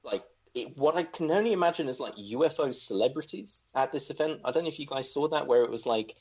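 A man with a medium-pitched, darkish voice and a breathy edge talks fast while co-hosting a casual movie podcast. He rambles and jokes through his movie-review chat, restarting often, over dull lo-fi sound.

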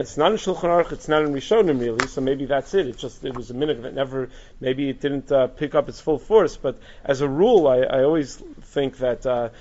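A man's voice: medium pitch, a little mellow, dull audio, a little hiss or hum. A man teaching a Torah class, thinking aloud with frequent restarts and asides. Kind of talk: recorded Torah lecture.

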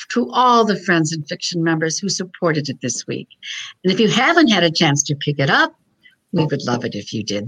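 A woman's voice: fairly low pitch, fairly bright tone, no room sound, low-quality recording. A woman co-host of a book show, speaking with gratitude to the audience. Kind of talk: casual book show chat.

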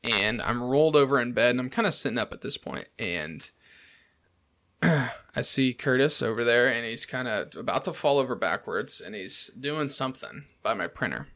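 A man's voice: mid-range voice, animated, moderate pace, sharp tone. A man on a podcast telling a story in casual chat, swearing often and laughing as he goes. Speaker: podcast host.

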